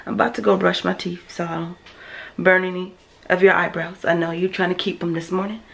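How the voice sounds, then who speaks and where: A woman whispering her casual, rambling morning vlog in a dark home kitchen, phone camera held close. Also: on the low side, flat delivery, fairly quick, vocal fry, rough recording. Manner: whispering softly so the kids sleep; chatty, rambling, self-conscious. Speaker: vlogger, mother of four.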